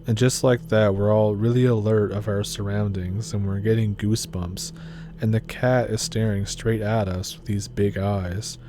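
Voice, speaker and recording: A man reading a first-person story aloud as scripted narration, in a steady, low-key storytelling manner. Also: normal speed, slight background noise.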